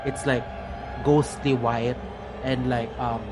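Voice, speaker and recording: A man's voice: medium pitch, flat delivery, slow pace, music in the background, low-quality recording. A man narrating a tabletop game as game master, hesitant and full of restarts. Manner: hesitant, lots of fillers and restarts.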